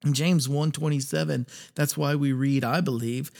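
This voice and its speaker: A man hosting a faith podcast, talking earnestly and reading scripture passages aloud with pauses. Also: a little high, fairly even intonation, creaky, darkish tone. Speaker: podcast host. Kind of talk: reflective faith podcast talk.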